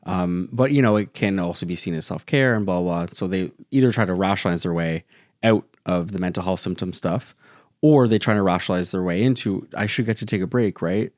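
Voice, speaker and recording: A man's voice: sits low, brisk, no echo, clean studio sound. A young man co-hosting a casual podcast as a therapist, talking through ideas in a loose, joking way. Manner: joking and playful.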